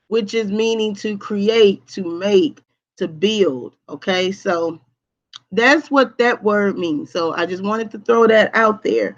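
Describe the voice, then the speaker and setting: A woman teacher with a mid-range, fairly bright voice gives a live online lesson at a slow pace, repeating key points emphatically and checking in with "okay?". The recording sounds muffled.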